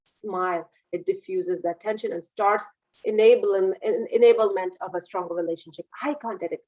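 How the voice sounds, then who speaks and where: A woman speaking as a business mentor in an online webinar. Her delivery is lively and demonstrative, swinging between energetic and calm, and her voice sits mid-range for a woman. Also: medium pitch, muffled recording. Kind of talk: webinar talk. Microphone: video call.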